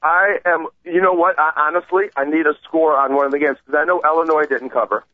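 A man co-hosting a sports radio show, telling a story in animated, casual banter and acting out the people he quotes. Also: fairly high pitch, quick pace, no echo. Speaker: radio co-host. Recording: tinny phone-like line.

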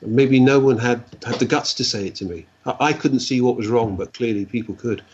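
A man, a guest telling stories in a rambling, animated way and acting out the dialogue. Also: medium pitch, a little fast, slight background noise. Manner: rambling, animated storyteller who acts out dialogue. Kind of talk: casual storytelling. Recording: dull lo-fi recording.

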